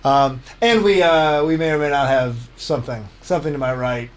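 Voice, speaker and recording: A man's voice: medium pitch, normal speed. A man hosting a radio talk show, chatting casually and joking in a rambling way. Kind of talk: casual panel chat.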